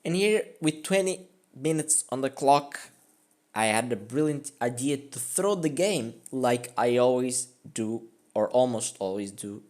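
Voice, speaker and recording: A man's voice: medium pitch, darkish tone. A man giving casual, rambling commentary on his own chess game, mocking his own mistakes and filling his talk with "like" and "I mean.".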